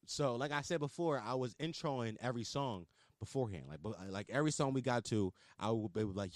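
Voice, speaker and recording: A man hosting a casual solo podcast, telling stories in a slangy, swearing, animated way and acting out his own hype lines. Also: mid-range voice, fairly quick, dry recording, studio quality. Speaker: podcast host. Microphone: podcast microphone.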